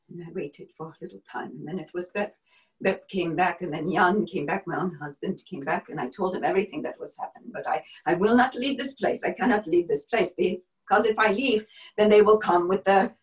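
A woman performing a first-person dramatic monologue as a brave wartime helper, grave and measured, sometimes dropping to a hushed whisper. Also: mid-range voice, natural voice, rough recording. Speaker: stage performer.

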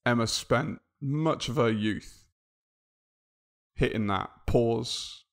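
A man's voice: mid-range voice, slow pace. A man co-hosting a casual podcast chat, teasing his friends in a wry way. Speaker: podcast co-host.

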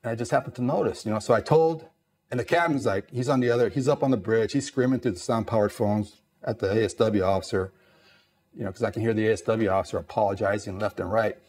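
Husky-voiced Navy veteran man telling stories. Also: lowish voice, fast. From East Los Angeles, USA. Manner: animated storyteller, acts out dialogue, lots of "you know". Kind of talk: storytelling interview.

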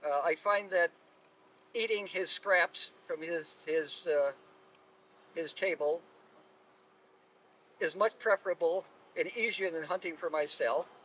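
A man voicing a loyal dog who reasons in a halting, matter-of-fact way. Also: fairly high pitch, a bit bright, slightly rough, full character voice. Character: loyal male dog, practical and self-serving. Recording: distant mic at live telling.

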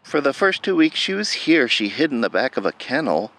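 Man, gravelly and animated; upbeat, playful shelter-adoption narrator. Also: mid-range voice, a little fast, no room sound. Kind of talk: scripted narration for a pet adoption video. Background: background music.

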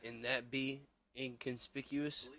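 A man bantering on a comedy podcast in a loose, rambling way. His voice sits at a plain, mid-range pitch for a man. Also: little pitch movement, takes it slowly. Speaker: podcast co-host. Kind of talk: casual comedy chat.

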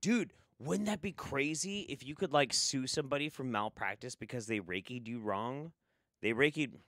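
A man's voice: mid-range voice, moderate pace, a bit bright, no room sound, clean studio sound. A man hosting a casual livestream, sarcastic, swearing freely and laughing often. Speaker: livestream host.

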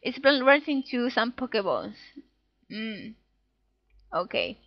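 Taking it slowly but very animated, a woman with a high-leaning voice narrates her gameplay. She's a playful let's play gamer who giggles and reads game dialogue in little voices, in a dull, dry home recording.

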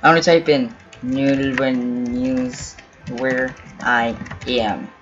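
A man's voice: mid-range voice, slow pace, a bit bright. A man giving casual, rambling commentary over his own gameplay, talking to himself and pleading with other players, with keyboard typing behind him. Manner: rambling, self-talk, pleading and teasing. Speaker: gaming YouTuber. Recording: dull lo-fi audio with faint game music. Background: keyboard typing and faint music.

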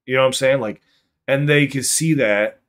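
A man's voice: medium pitch, normal speed, fairly bright tone. A man hosting a casual live reaction stream, talking in a rambling way with lots of restarts and casual swearing. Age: under 50. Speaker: livestream reaction host. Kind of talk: casual livestream chat.

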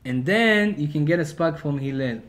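Rabbi guy teaching a class, animated storytelling, kinda high voice. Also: normal speed. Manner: animated storyteller, swings between loud and quiet. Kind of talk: Torah lecture storytelling.

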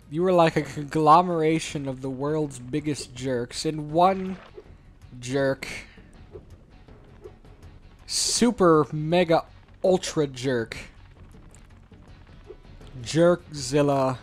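Guy doing a goofy let's play, fakey british lilt, slow and kinda high, faint game music behind. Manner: playful, joking, mock-posh slightly British affectation. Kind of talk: casual gameplay commentary.

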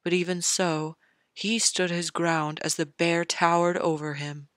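A narrator reading a fan fiction audiobook in a measured storytelling manner, close to the mic. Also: medium pitch, little pitch movement, fairly bright tone, no room sound. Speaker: podfic narrator.

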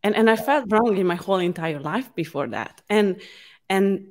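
A woman's voice: medium pitch, lively intonation. Emotional woman host. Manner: emotional, halting, many restarts. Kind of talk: casual conversation.

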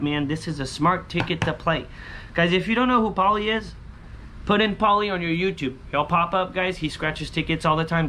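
A bright-voiced man vlogs his scratch-off tickets with excited, casual commentary, chatting away and repeating catchphrases like "holy smokes" and "booyah." Wins send him into high shouts and sing-song yells. There's a faint hiss or hum in the background.

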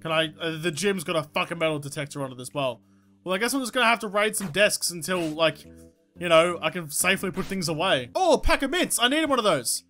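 A woman giving excitable, swear-filled let's-play commentary, talking to herself and the game. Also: lowish voice, fast. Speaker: gaming YouTuber. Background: game music.

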